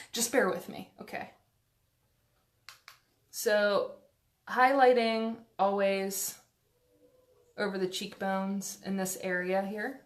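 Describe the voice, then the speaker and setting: A woman's voice: medium pitch, flat delivery, drawn-out words, pauses often. A woman chatting through a casual makeup tutorial, rambling and self-deprecating with lots of fillers, recorded on a phone at home. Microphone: phone camera.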